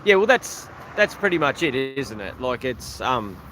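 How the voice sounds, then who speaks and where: A man's voice: mid-range voice, very animated, unhurried, pushed and bright, slight background noise. An Australian man chatting casually on a livestream outdoors, rambling and thanking viewers by name. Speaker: livestream host. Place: outdoors beside an old truck.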